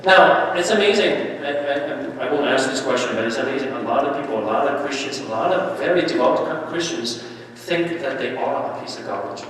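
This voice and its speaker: A man's voice: medium pitch, moderate pace, recorded from a distance, noisy background. Man preaching in an echoey church. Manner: animated, anecdotal, with asides and laughter. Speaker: priest leading a Lenten mission. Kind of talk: sermon. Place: large church.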